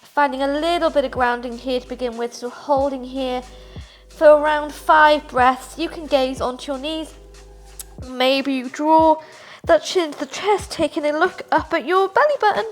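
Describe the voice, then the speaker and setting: A woman's voice: high voice, normal speed, faint music behind. A young woman teaching a power yoga class, upbeat as she talks students through poses and counts breaths aloud while she moves. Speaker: yoga instructor. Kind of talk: guided yoga class instruction.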